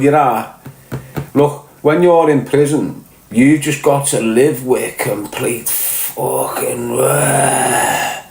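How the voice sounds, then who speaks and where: A man's voice: medium pitch, darkish tone, reverberant, low-quality recording. A middle-aged man with a Liverpool accent, ranting bluntly and swearing, firing rhetorical questions at his viewers. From Liverpool, England. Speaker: podcast host.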